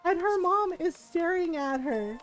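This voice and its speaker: High-voiced woman telling animated stories. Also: measured pace, faint music behind. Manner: animated storyteller who laughs often and acts out quotes. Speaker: livestreamer. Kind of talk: casual storytelling while streaming a game.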